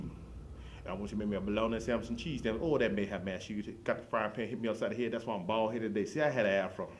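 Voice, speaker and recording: A man's voice: fairly low pitch, very fast, slight background noise. A man telling a rambling comic story, piling up run-on tangents and repeated catchphrases. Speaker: comedian.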